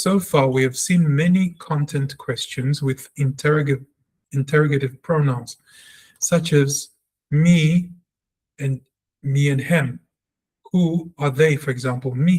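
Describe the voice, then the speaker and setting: A man talks through a language lesson at an unhurried pace. He reads example sentences and then explains them. He repeats single sounds several times so they can be practised. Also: fairly high pitch, darkish tone. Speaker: Hebrew teacher. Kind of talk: slow spoken lesson, reading aloud and explaining.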